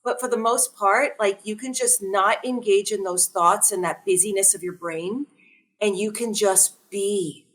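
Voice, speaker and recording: A woman in her forties appears as a wellness guest on a podcast, animated and quick to laugh, often posing questions to listeners. She speaks in conversational podcast talk at a medium pitch and an unhurried pace.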